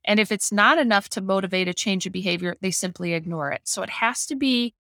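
A woman's voice: medium pitch, brisk, fairly bright tone, dry recording, studio quality. Middle-aged woman dog trainer explaining plainly. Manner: explains with homely analogies, acts out family voices. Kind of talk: casual podcast discussion.

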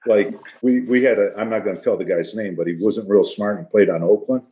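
A man's voice: on the low side, fairly quick, lo-fi sound. Joking older man, echoey room. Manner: jokey, laughing storyteller. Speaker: guest, retired football player. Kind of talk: casual storytelling.

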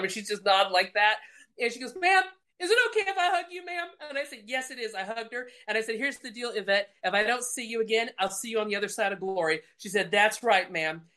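A woman telling a lively faith testimony, laughing and acting out the voices in her story. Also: mid-range voice, brisk. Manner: animated, laughing, acts out dialogue. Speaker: guest speaker. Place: lounge at home.

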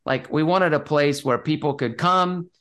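This male guest, a real estate investor, speaks in an unhurried, smooth voice that sits on the high side and sounds a bit bright. His casual interview talk is enthusiastic and peppered with fillers and restarts.

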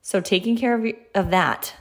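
A woman's voice: medium pitch, moderate pace. A woman in her thirties hosting a casual solo podcast, talking in a chatty, conversational way, laughing lightly now and then. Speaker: podcast host.

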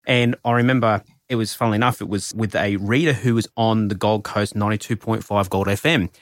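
Animated male podcast host, dry sound. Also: a little fast, dry recording. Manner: animated storyteller, pitch jumps when excited. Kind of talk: casual podcast chat.

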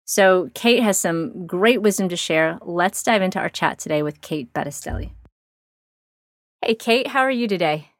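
A woman hosting a podcast speaks with earnest, heartfelt encouragement. Her voice sits a little low, and it is recorded close and dry with no room around it. She sounds like she is in her thirties. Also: expressive, moderate pace, dry recording. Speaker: podcast host. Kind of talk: warm scripted intro and casual podcast chat.

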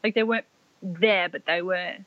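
A woman's voice: lowish voice, steady tone, moderate pace, no room sound, dull audio. A young woman casually and emotionally telling her birth story, with many fillers and restarts.

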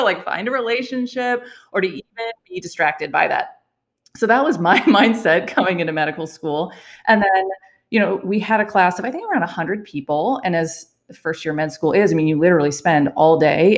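A young adult woman, a doctor, casually telling a personal story, laughing often and acting out what people said. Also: fairly low pitch. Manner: animated, laughs often, acts out quoted lines. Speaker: physician telling her story.

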